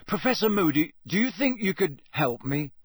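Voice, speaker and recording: A man's voice: high-pitched, big pitch swings, breathy edge, no echo, studio quality, voice pushed up, full character voice. A man voicing a nervous teenage boy who speaks weakly and hesitantly. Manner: hesitant and weak, with halting fillers. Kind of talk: audiobook character voice.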